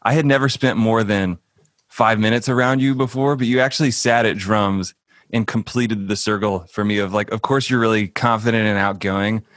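A man's voice: on the low side, steady tone, normal speed, a bit bright, no echo, clean studio sound. Laid-back young man. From Birmingham, Alabama. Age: young adult. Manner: laid-back, says dude and man a lot. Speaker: guest drummer. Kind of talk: casual interview chat.

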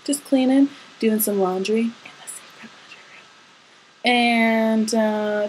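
A woman's voice: mid-range voice, a little mellow, a little hiss or hum, poor audio. A young woman recording a video diary at home at night, talking to her partner in a chatty, giggly and affectionate way. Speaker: vlogger.

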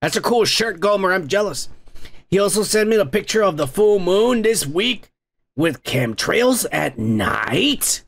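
A man's voice: sits high, very animated, a little slow, creaky, a bit bright. A man hosting his own podcast, talking in a profane, grumbling rant and cursing constantly. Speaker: podcast host. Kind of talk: profane ranting monologue.

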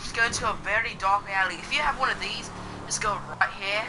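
A woman's voice: medium pitch, quick pace, noisy background. A woman streamer in a put-on English accent, rambling and swearing through a casual game tutorial. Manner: rambling, crude, swears a lot, restarts often. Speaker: gameplay streamer. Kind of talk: casual gaming tutorial commentary.

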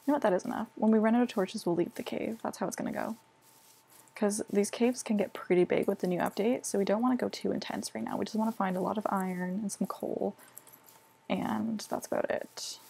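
A woman's voice: mid-range voice, fairly even intonation, a little fast, vocal fry, mellow, slightly rough. A young woman chatting casually as she plays a game, self-mocking and full of filler words. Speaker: gaming vlogger. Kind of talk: casual gameplay commentary. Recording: noisy home recording.

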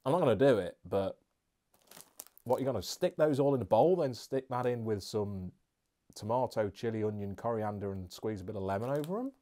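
A man's voice: fairly low pitch, expressive, brisk, warm tone. A man reviewing beer and snacks in a casual, chatty, jokey vlog with rambling asides.

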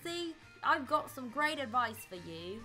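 A lady putting on an upbeat teen boy rival in a wobbly fake british accent, highish lively voice, game dialogue read out on stream. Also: soft background music, heavily acted. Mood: chummy. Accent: put-on British. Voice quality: halting amateur British imitation. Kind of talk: reading game dialogue aloud on a livestream.

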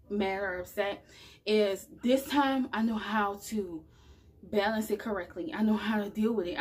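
A woman's voice: mid-range voice, a little mellow, husky. A woman talking straight to her viewers in a casual, earnest motivational vlog about spirituality. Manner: earnest, chatty, addresses viewers directly. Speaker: spiritual vlogger. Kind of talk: casual motivational talk to camera.

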